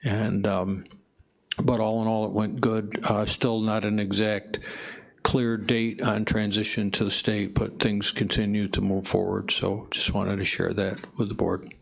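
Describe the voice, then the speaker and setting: A man giving an informal report to a county board, hesitant with many pauses and fillers. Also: lowish voice, level tone, gravelly. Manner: hesitant, many ums and uhs. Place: county meeting room.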